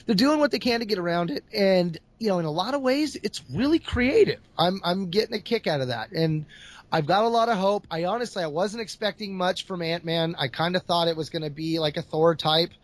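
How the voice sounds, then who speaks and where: High-voiced animated storyteller, man. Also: brisk. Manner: animated storyteller, laughs often. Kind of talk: casual chat, retelling a comic.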